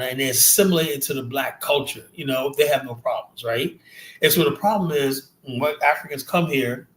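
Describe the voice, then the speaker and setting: A man's voice: mid-range voice, a bit bright, roomy sound, rough recording. Emphatic streetwise American man debating. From United States. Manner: emphatic, streetwise, interrupts to press his point. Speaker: host. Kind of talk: heated casual debate.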